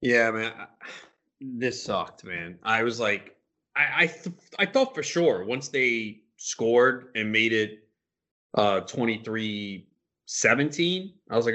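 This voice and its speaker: A man co-hosting a casual sports talk show, frustrated and animated, retelling his conversations with friends. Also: lowish voice, a little slow. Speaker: sports podcast co-host.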